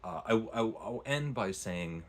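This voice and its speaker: Deep, husky man chatting about a book. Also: animated, measured pace. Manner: rambling, enthusiastic retelling with frequent restarts. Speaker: book reviewer. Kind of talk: casual book review vlog.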